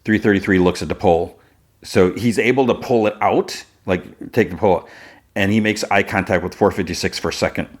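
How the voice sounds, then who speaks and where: A man hosts a podcast, recapping a TV episode in a loose, rambling way. His voice sits a little low, and his sentences spill out quickly, stitched together with "like" and "you know.". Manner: rapid retelling, full of "like" fillers. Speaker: podcast host.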